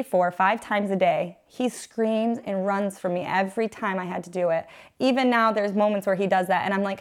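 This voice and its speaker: A woman in her thirties, a mother, earnestly telling an emotional personal testimony in an interview. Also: medium pitch. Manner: earnest, emotional storytelling, faith-focused. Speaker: guest, mother.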